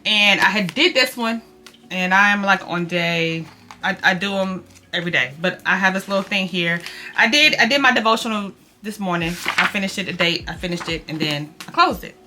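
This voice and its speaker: A young woman speaks straight to her viewers in a bright, forward voice. She is close to tears, restarts her sentences and repeats herself, and calls her viewers y'all. Faint music plays quietly underneath her. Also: mid-range voice, normal speed. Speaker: vlogger. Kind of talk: emotional confessional vlog.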